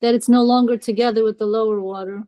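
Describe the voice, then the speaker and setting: Brief: female class member, questioning, slightly high voice, dry recording. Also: steady tone, quick pace, dark tone, no room sound. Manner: questioning, challenges the teacher. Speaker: student in the class.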